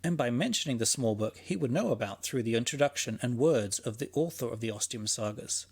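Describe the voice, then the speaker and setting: A man's voice: mid-range voice, lively intonation, a little fast, breathy edge. A man hosting and narrating a fiction podcast in a scripted, conversational monologue, musing aloud with a dry, sarcastic edge.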